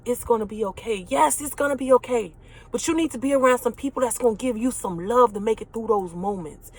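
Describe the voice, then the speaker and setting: A woman in her late twenties giving an emotional motivational talk, earnest and preachy, repeating phrases for emphasis. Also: on the high side. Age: late 20s.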